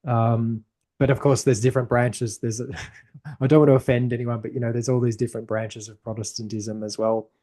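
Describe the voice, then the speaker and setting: A man's voice: medium pitch, flat delivery, a little fast, warm tone. A man hosting a podcast conversation, talking thoughtfully in a loose, rambling way with frequent restarts. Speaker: podcast host. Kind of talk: casual conversation.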